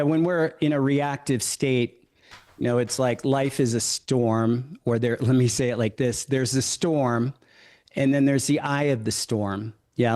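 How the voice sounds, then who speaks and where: A man's voice: mid-range voice, darkish tone. A man, a yoga teacher hosting a podcast, tells a personal story in a reflective way, often stopping to reframe his thoughts.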